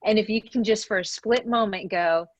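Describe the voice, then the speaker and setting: A woman's voice: medium pitch, normal speed, no echo, highs cut off. Chatty woman teaching a Bible study. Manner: chatty, animated, asks questions, says okay often. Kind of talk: casual teaching over video call. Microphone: video call.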